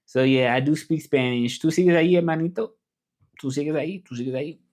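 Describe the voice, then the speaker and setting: A man's voice: a little high, fast talker, a little mellow. Southern guy from tennessee doing a laid-back livestream, answering chat as it comes in. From Tennessee, USA. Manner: chatty, reads viewer comments aloud and answers them. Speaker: livestream host and interpreter.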